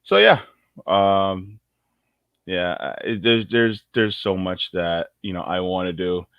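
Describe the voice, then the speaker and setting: A man's voice: low voice, expressive, takes it slowly, smooth, dry recording. Rambling jokey man on a livestream. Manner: rambling and jokey, with many restarts. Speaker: co-host. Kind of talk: casual livestream chat. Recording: muffled lo-fi audio.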